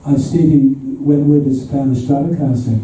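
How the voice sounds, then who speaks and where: Before a live audience in a hall, a guest musician in his seventies from Northern Ireland chuckles through anecdotes in a Belfast accent. His voice is warm, steady and medium-pitched at normal speed. It's recorded from a distance in an echoey room, with slight hiss or hum.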